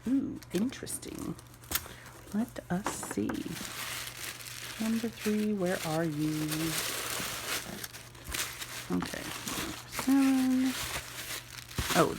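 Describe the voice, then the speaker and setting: A woman chats through an unboxing vlog at home, gasping and gushing over every little gift. Her voice sits on the low side for a woman. A faint hum of the room runs underneath. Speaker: homeschool mom vlogger.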